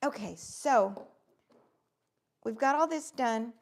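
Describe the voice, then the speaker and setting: A woman's voice: on the high side, lively intonation, slow, vocal fry. A middle-aged woman, chatting through a craft demonstration livestream and greeting viewers by name.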